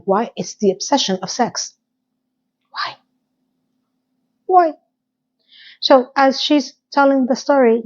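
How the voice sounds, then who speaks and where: A woman's voice: medium pitch, darkish tone, dull audio. A woman chatting casually to her viewers as she recaps a TV episode, sassy and direct.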